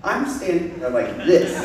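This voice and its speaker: A man recounts a street photography anecdote with animated energy and laughter. His voice sits somewhat high, and he is heard from some distance in a very echoey room with faint ambient noise. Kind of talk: storytelling to an audience. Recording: very echoey room, far from mic.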